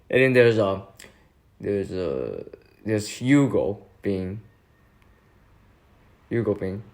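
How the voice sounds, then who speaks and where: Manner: slow, hesitant young man. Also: on the low side, sing-song, vocal fry, a little mellow. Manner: hesitant, many fillers, laughs often. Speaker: vlogger. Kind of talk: casual chat.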